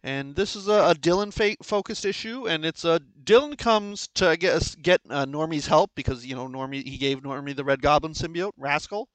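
A man co-hosting a podcast, talking in a rambling, excitable way and restarting his sentences often. His voice sits a little high. The sound is dry and close. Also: normal speed, hardly any pauses, no room sound, low-quality recording. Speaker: podcast co-host. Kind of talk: casual chat.

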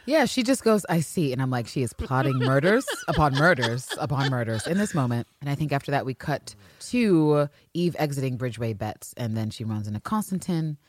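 A woman's voice: extremely low pitch, brisk, hardly any pauses. A woman co-hosting a podcast, recapping a TV show in casual chat, swearing freely and acting out the characters' lines. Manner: animated, profane, acts out characters' lines. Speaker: podcast co-host.

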